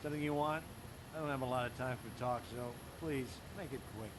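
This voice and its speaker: A man's voice: medium pitch, brisk, close to an everyday voice. An actor playing a weary working man in a game, curt and impatient.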